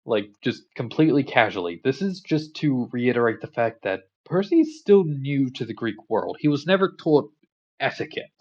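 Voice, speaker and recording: A man casually retelling a story in a relaxed, rambling way with lots of fillers. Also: medium pitch, moderate pace, dull audio. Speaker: commentator.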